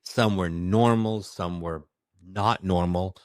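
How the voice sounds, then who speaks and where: A man who works as a medium, telling a personal story in an expressive, emphatic way during a conversation. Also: low-pitched, no echo, studio quality. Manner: expressive, emphatic, with bursts of fast speech. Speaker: medium recounting his experiences.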